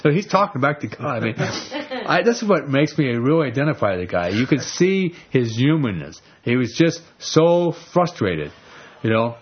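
A man teaching a Bible passage in a casual sermon, telling the story with animated energy and repeating words. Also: mid-range voice, moderate pace, breathy edge. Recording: dull lo-fi recording.

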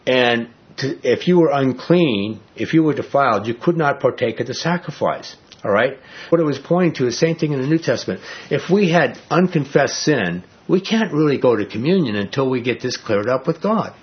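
A man's voice: medium pitch, slightly rough. A man teaching a Bible lesson as a pastor, conversational and folksy, often checking in with "all right?" on a muffled recording.

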